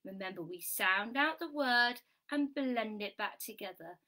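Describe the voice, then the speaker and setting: A bright, crisp-voiced woman leads a children's phonics lesson. She speaks unhurriedly, sounds out each letter with care and showers the viewers with sing-song praise. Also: fairly high pitch, lively intonation. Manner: slow, clearly sounded-out letters. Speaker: phonics teacher.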